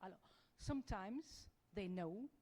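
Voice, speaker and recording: A woman with a French accent speaks on a policy panel. Her delivery is halting, full of fillers and restarts. Her voice sits at an ordinary middle pitch. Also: expressive, warm tone, low-quality recording. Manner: hesitant, many fillers and restarts. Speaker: panelist, EU diplomat. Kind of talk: panel discussion.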